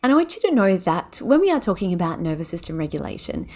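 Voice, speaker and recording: Gentle, soothing woman guiding a breathing practice. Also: on the low side. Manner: animated and quick when excited. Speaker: podcast host and yoga teacher. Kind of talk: podcast talk with a guided breathing exercise. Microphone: podcast microphone.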